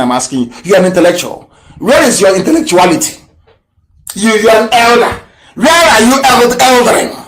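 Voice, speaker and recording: Guy ranting on radio, high voice, loud then muttering low, echoey room. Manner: fiery, rhetorical, swings between shouting and low muttering. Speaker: radio broadcaster. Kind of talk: impassioned political broadcast. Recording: roomy echo.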